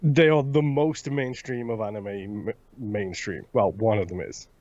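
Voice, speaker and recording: Dry, teasing male co-host in his thirties, lowish voice, dull lo-fi recording. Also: a little slow, a little mellow. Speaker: podcast co-host. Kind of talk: casual chat. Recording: dull lo-fi sound.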